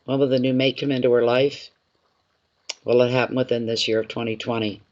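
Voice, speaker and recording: A man's voice: mid-range voice, little pitch movement, fairly quick, muffled recording. Man doing a live tarot reading. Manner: repeats phrases, speaks directly to viewers by name. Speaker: tarot reader.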